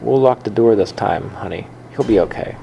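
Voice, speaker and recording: A man reading the lines of a calm, reassuring mother in a children's story. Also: lowish voice, normal speed, gravelly, a little hiss or hum.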